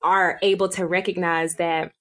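A woman co-hosting a podcast, telling lively stories in a slangy, laughing way. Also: lowish voice, moderate pace. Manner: animated storyteller, laughs often, slangy. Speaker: podcast co-host. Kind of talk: casual chat.

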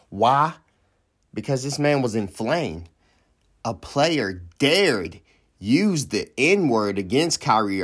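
A male podcast host riffing in loose comedic commentary. He rambles from point to point, throws in slangy asides and jokes, and speaks at a middling pitch in an easygoing way.

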